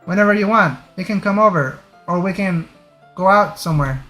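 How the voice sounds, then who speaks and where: A man voicing a shy, bashful teenage girl while reading a game script aloud, soft and gentle. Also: high-pitched, moderate pace, faint music behind.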